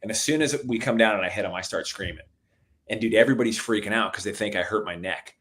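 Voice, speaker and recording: A middle-aged man telling stories in a relaxed conversation, calling the listener "dude" a lot and getting animated at the exciting parts. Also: lowish voice, quick pace. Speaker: podcast guest. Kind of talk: casual storytelling chat.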